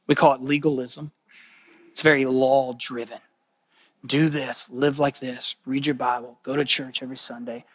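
A man preaching a sermon as a pastor. He talks in an earnest, conversational way, repeats phrases for weight, and moves between loud emphatic bursts and quiet, hushed lines. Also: medium pitch, little pitch movement, moderate pace, breathy edge, dry recording, clean studio sound.

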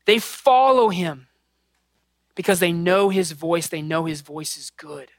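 A man's voice: fairly high pitch, lively intonation, measured pace, dry recording. A man in his thirties preaching a sermon, earnest and conversational, mixing scripture with personal family stories. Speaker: pastor.

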